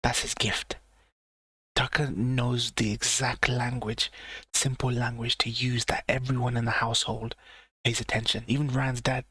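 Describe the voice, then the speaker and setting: A man's voice: mid-range voice, flat delivery, moderate pace, sharp tone. A man hosting a live reaction stream, tossing out offhand, crude, slangy asides. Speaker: livestream reaction host. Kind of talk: casual reaction commentary.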